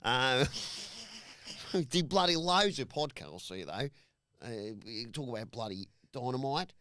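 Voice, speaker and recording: A man's voice: mid-range voice, lively intonation, unhurried, bright, forceful tone, clean tone, no room sound. A man on a podcast doing a put-on Australian accent as a brash, jokey bloke who keeps saying "bloody". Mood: blustering. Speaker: podcast co-host. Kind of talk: mock Australian host intro.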